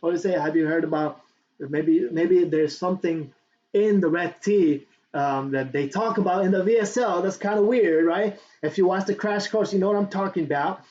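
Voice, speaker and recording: This man's voice sits high and he talks at a normal pace, delivering a casual on-camera affiliate marketing tutorial full of repetition and repeated "right?" checks. He stays animated, reaching around for books, in a dull lo-fi recording with slight background noise.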